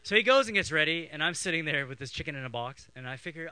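A middle-aged man from Canada preaching a sermon, his voice bright and sharp with a slightly raised pitch. He tells childhood stories in an animated way, acting out the voices of his family as he goes. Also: fast, clean tone, low-quality recording. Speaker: pastor.

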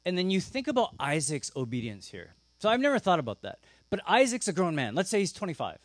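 Guy preaching, slightly high voice, animated storyteller, dry close sound. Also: fast, no room sound. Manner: animated storytelling, acts out characters with gasps and asides. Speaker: pastor. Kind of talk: sermon.

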